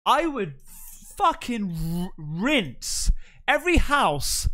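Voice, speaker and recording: A man's voice: extremely high pitch, very animated, slow pace, sharp tone. A man hosting a reaction video, talking in a brash, boastful way and swearing often. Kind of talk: casual reaction commentary.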